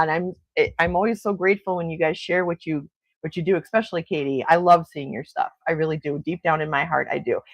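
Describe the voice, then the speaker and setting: A woman's voice: lowish voice, dry recording. A middle-aged woman hosting a casual morning livestream chat, gushing and laughing often as she reads viewer comments. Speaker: livestream host.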